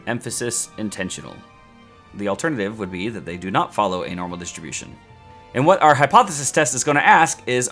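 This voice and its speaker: A man teaching statistics in a playful, sarcastic, animated way. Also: on the low side, a little fast, soft background music. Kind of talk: scripted educational video.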